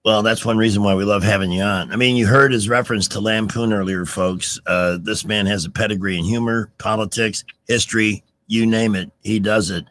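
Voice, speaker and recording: A middle-aged man hosting a radio talk show, telling stories in an animated, emphatic way with restarts. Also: lowish voice, brisk, few pauses. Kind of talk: casual talk radio chat.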